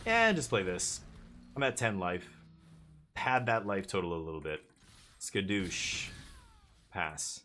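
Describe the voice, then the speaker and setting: A man's voice: low voice, huge pitch swings, a little slow, pushed and bright, a little hiss or hum. A man chatting casually as he streams a card game, rambling with jokey asides. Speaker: live streamer. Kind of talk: casual gameplay commentary.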